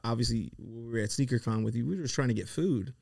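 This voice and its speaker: A man's voice: mid-range voice, creaky, a little mellow, no room sound, studio quality. A man co-hosting a podcast, chatting casually and loosely, often restarting his sentences. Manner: laid-back, chatty, with halting restarts. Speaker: podcast co-host.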